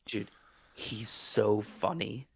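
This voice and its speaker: A man's voice: fairly low pitch, expressive, very slow, vocal fry, husky. A man co-hosting a movie podcast, telling rambling stories full of fillers like "like" and "dude". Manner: rambling, filler-heavy storytelling. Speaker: podcast co-host. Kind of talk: casual roundtable chat.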